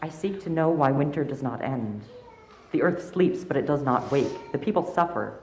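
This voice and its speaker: A man's voice: medium pitch, animated, normal speed, a little mellow, reverberant, slight background noise, lightly acted. A man voicing a brave, resolute village girl who speaks respectfully but firmly, reading a story aloud. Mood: determined. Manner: respectful, standing firm.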